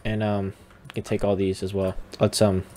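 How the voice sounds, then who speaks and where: A man's voice: low voice, completely flat delivery, normal speed, warm tone, slight background noise. A young man giving casual game commentary, teasing and talking back to the characters on screen. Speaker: gamer.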